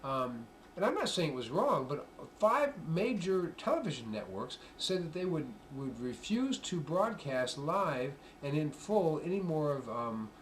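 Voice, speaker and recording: Give me a man speaking emphatically to a small live crowd, lively pitch, a touch of background noise. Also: a little slow, hardly any pauses. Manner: emphatic, animated, conversational lecturing. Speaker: performer and speaker. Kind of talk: live spoken commentary at a coffee house. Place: church coffee house, live audience.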